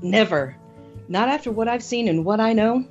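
A man voicing a curious young noblewoman in a falsetto, in an audio drama. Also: lively intonation, normal speed, dull audio, faint music behind. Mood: uneasy.

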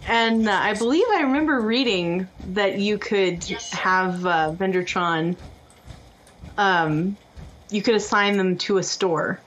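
A woman co-hosting a casual podcast at a middling pitch, chatty and quick to laugh. She talks loosely with her co-host and reads out comments from viewers as she goes. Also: fairly bright tone, a little hiss or hum, low-quality recording.

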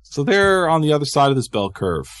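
A man's voice: a little high, fairly quick, no echo, clean studio sound. A man co-hosting a casual podcast chat, joking and laughing often. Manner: laughs often, jokey and animated. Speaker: podcast co-host.

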